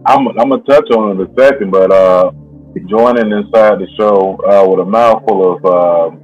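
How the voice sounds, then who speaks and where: A man's voice: lowish voice, moderate pace, darkish tone, highs cut off, faint music behind. A man hosting a casual chat show, teasing a guest and joking around as he brings him in. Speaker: podcast host.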